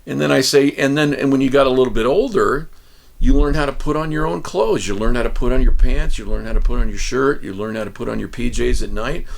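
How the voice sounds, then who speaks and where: Folksy man teaching with gravelly voice. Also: medium pitch, a little fast. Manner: folksy storytelling, acts out kids' replies, counts rhythms aloud. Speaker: ukulele teacher.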